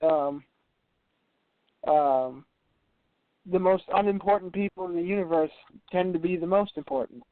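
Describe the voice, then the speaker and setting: A man with a high voice co-hosting a casual review podcast. He makes wry, quick remarks and laughs readily. The sound is dry and tinny, like a phone line. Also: no room sound. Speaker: podcast co-host.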